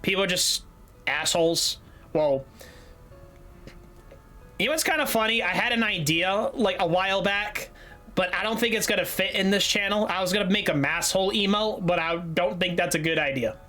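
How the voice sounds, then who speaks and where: A young man from Massachusetts with a light local accent chats loosely on a game stream, rambling, joking, swearing, and laughing often. His high-pitched voice is sharp-toned at a moderate pace, with soft background music.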